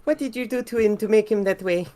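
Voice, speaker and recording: A man voicing a frightened young woman in a shrill falsetto. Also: fast talker, warm tone, natural voice.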